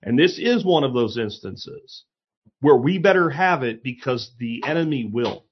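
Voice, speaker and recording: A man's voice: mid-range voice, animated, moderate pace, lo-fi sound, a little hiss or hum. A man hosting a casual opinion monologue, talking bluntly and sarcastically, with frequent swearing and emphatic asides. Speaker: commentary host.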